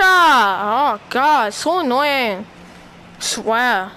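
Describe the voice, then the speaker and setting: High-pitched woman doing playful game commentary. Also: lively intonation, unhurried, fairly bright tone, a little hiss or hum. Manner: playful trash talk; frequent fillers, throat clearing. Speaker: gamer. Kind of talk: gameplay commentary.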